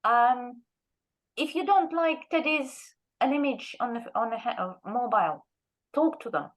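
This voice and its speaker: In an anecdotal workshop talk, this animated woman, a Russian teacher and guest lecturer, recounts teaching stories and performs the voices she quotes. She sounds a little high and unhurried, captured on a low-quality recording.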